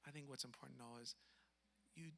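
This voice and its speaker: A man who is a foster parent, telling a personal story in an earnest, emphatic way that drops to a hush for sad parts. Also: medium pitch, steady tone, fast talker, creaky, big-room sound.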